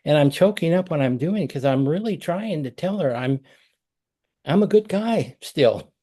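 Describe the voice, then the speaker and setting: A man's voice: fairly high pitch, expressive, moderate pace, mellow. A middle-aged man coaching a parent over a video call, talking conversationally and acting out example phrases.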